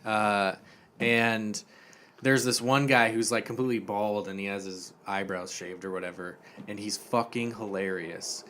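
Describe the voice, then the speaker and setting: A man co-hosting a podcast in casual chat, recapping a show with profanity and animated storytelling. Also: lowish voice, unhurried, slight background noise. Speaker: podcast co-host.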